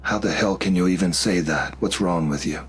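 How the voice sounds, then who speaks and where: A man's voice: deep voice, fairly quick, a little hiss or hum, natural voice. A man voicing a shaken young woman who speaks in a shaky, urgent voice. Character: young woman, shaken, desperate, sharp-tongued.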